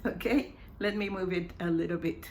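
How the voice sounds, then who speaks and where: A woman teaching an English lesson, repeating example phrases slowly for emphasis. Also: fairly low pitch, darkish tone, a little hiss or hum.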